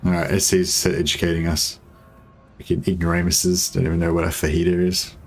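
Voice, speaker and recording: A man's voice: low voice, little pitch movement, a little fast, breathy edge. An Australian man in casual gaming chat, rambling and swearing casually while he plays co-op. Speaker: co-op game streamer.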